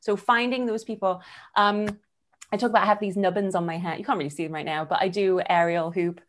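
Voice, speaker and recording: A woman's voice: mid-range voice, fast talker. A woman in her thirties hosting an online workshop over a video call, talking candidly and animatedly. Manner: candid, animated, acts out quoted voices. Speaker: workshop host.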